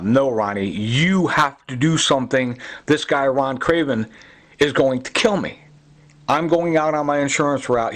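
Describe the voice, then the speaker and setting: A middle-aged man giving a rambling, agitated personal testimony, full of fillers and repeats. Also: mid-range voice. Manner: agitated, repetitive, many fillers. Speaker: self-recorded complainant.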